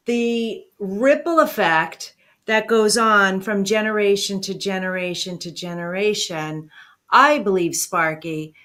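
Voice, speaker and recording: Slow-talking talk show host woman. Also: medium pitch, a bit bright. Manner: emotional, affirming. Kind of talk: interview conversation.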